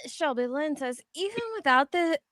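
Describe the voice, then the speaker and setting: Bright high-voiced woman reading comments. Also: animated, moderate pace, no room sound, clean studio sound. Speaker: co-host reading viewer comments. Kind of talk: casual chat, reading comments aloud.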